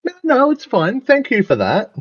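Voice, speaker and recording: A man's voice: very high-pitched, huge pitch swings, normal speed, no room sound. A man casually playing a tabletop game in a playful, easygoing way. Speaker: player. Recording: dull, dry lo-fi mic.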